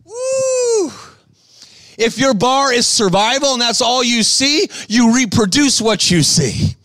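A man preaching a sermon to a live crowd, shouting to rouse the audience and calling for responses. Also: very high-pitched, expressive. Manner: bursts of quick patter between slow, stressed lines.

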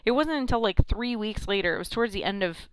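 A woman's voice: medium pitch, expressive, fast talker, clear, resonant tone, no echo. A woman co-hosting a podcast, telling a story in casual chat, rambling with many "um" and "like". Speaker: podcast co-host.

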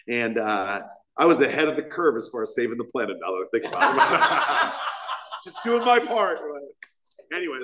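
A man's voice: mid-range voice, a bit bright, slight background noise. Rambling man telling his recovery story. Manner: rambling, self-mocking storytelling with many fillers. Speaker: recovery meeting speaker. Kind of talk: personal story at a recovery meeting. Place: meeting hall. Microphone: podium microphone.

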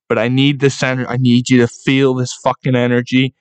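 A man's voice: mid-range voice, monotone, brisk, clear, resonant tone, no echo. A young man hosts a solo sports podcast, giving a fired-up, profane pep talk to fans. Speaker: podcast host.

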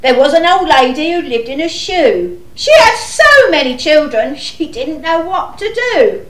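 A woman's voice: high-pitched, very animated. Woman playing Ida Down, frazzled panto mum. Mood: exasperated. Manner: exasperated, chatty, slow drawn-out delivery. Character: frazzled harried mother in a shoe house. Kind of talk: amateur panto acting. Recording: echoey room.

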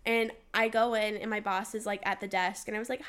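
This young woman's pitch sits fairly high and her pace is quick, with a fairly even intonation and a tone that is a bit bright, clear and resonant. She co-hosts a casual podcast, animatedly telling stories, performing the quotes and dropping in plenty of "like."

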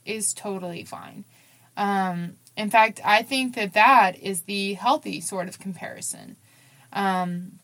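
Frank young woman podcasting. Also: mid-range voice. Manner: frank, with many fillers and restarts. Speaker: podcast host. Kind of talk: casual podcast monologue.

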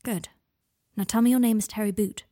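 A woman voicing a calm young man wizard, speaking in a soothing, reassuring way in a storybook reading. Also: medium pitch, fairly quick, lightly acted. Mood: steady.

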